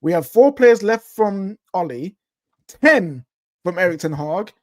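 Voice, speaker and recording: A man co-hosting a casual football fan podcast, talking in lively quick bursts that trail off. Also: sits high, dry recording. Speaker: podcast co-host.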